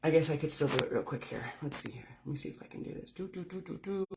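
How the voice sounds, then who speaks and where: A woman's voice: very deep voice, fairly even intonation, rapid-fire, creaky, a little hiss or hum. Candid, swearing woman telling her story. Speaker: spiritual speaker. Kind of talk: casual livestream talk. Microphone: phone.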